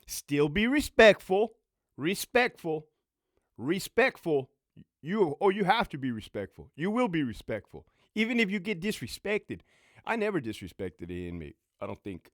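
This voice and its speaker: A man's voice: fairly high pitch, sing-song, normal speed, no echo, studio quality. A middle-aged man, a former prison sergeant and military veteran, giving blunt, profane advice in a storytelling monologue. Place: home.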